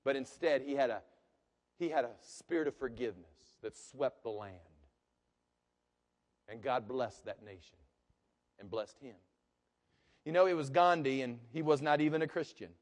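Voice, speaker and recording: A man preaching a sermon as pastor, swinging between hushed and loud delivery. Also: mid-range voice, lively intonation, moderate pace, long pauses. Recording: long reverb of a large hall.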